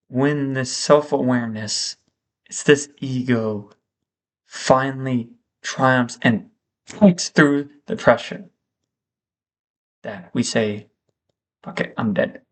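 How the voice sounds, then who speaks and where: A man thinking aloud in a reflective vlog monologue, slow and halting, with frequent pauses. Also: medium pitch. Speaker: vlogger.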